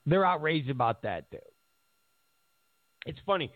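A man's voice: on the high side, big pitch swings, measured pace, no room sound. A man hosting casual political commentary who mocks his opponents, repeats his points and laughs at his own remarks. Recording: tinny phone-like audio.

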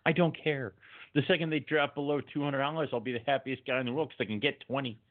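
A man chatting casually as a podcast co-host, telling stories with laughs and animated rants. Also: racing. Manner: animated, laughing storyteller who gets louder and higher when ranting. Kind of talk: casual chat. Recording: phone-like narrow audio.

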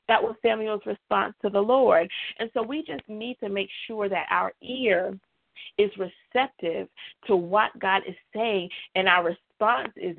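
A woman's voice: medium pitch, measured pace, gravelly. A woman preaching a sermon, emphatic, with repeated refrains. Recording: tinny phone-like dry sound.

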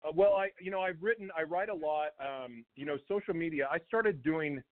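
A man's voice: fairly high pitch, a little fast. A man calling in as a guest, telling a raw personal story in a rambling, self-correcting way. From Oklahoma. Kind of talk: candid personal testimony. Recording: tinny phone line.

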